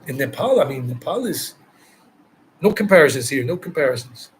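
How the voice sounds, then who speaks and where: A man's voice: mid-range voice, big pitch swings, brisk, a little hiss or hum, low-quality recording. A man from the United States, a travel vlogger answering viewer questions live, talking emphatically and repeating phrases for stress. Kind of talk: live Q&A chat.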